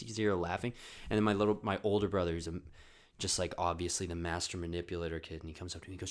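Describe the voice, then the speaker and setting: A man hosting his podcast, telling comedic stories casually, animated, often swearing. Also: deep voice, rapid-fire. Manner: animated, swearing, acts out voices in quotes. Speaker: podcast host.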